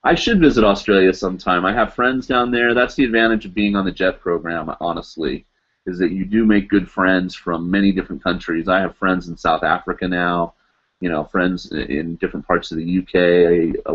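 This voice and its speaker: A man's voice: low-pitched, fairly even intonation, normal speed. A man in his thirties chatting casually on a live stream, answering viewers with many ums and restarts, from his apartment. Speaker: vlog host answering live chat. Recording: dull lo-fi webcam audio.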